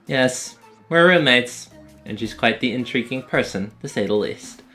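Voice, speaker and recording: A man's voice: medium pitch, lively intonation, a little slow, bright, forceful tone, faint music behind. A man voicing an eccentric, smug young female scientist, reading game dialogue with theatrical, formal phrasing. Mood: conspiratorial.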